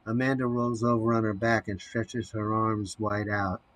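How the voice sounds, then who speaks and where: A man narrating an audio drama, reading scene headings and stage directions in a measured way. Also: lowish voice, level tone, fairly bright tone, poor audio.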